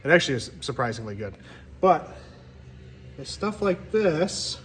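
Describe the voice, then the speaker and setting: A man's voice: fairly high pitch, very animated, a little slow, fairly bright tone, slight background noise. Upbeat man vlogging from his garage. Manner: upbeat, chatty, explains as he works. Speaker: shop vlogger. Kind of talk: casual how-to vlog. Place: workshop garage.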